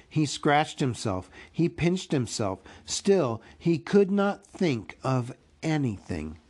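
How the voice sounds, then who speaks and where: A man reading a storybook aloud as a podcast host, with an expressive, unhurried delivery. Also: fairly high pitch, breathy edge.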